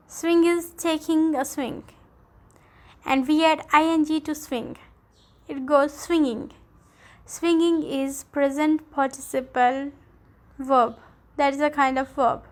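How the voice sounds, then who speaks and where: Woman teacher, recorded grammar lesson, unhurried and careful, spells out letters. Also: high-pitched. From Pakistan. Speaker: English teacher.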